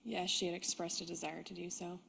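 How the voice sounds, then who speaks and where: Gravelly, flat-voiced woman witness testifying. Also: lowish voice, brisk. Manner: quiet, composed, brief answers. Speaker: trial witness. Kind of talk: courtroom testimony.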